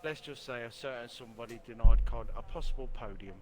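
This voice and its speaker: A man's voice: medium pitch, quick pace, a little mellow. A man co-commentating on a live sim racing stream, laid-back with a dry, wry way of talking.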